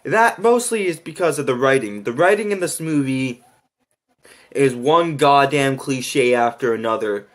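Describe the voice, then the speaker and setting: A man reviewing a movie in a profane, exasperated rant, his pitch sitting in an ordinary middle range. He talks slowly and drags his words out between outbursts of swearing. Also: expressive.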